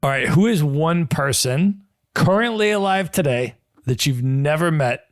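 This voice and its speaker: A podcast host asking his guest steady interview questions. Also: fairly high pitch, a little slow, no echo, clean studio sound.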